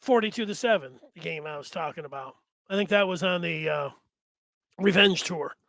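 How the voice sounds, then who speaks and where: A man hosting a sports talk show, chatting casually and acting out announcers and fans with lively energy. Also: fairly high pitch, normal speed, vocal fry, no echo. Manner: animated, acts out fans and announcers. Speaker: sports radio host.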